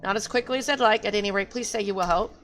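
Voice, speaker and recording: A woman's voice: medium pitch, quick pace, fairly bright tone, lightly acted. A woman voicing a worried rabbit-folk character in a game, fretting and pleading for help. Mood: fretful.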